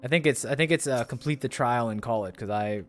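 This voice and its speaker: A man's voice: medium pitch, a little fast, fairly bright tone, soft background music. A man streaming a game, sleepy, musing aloud in a drowsy, lightly sarcastic way. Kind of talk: casual chat while gaming.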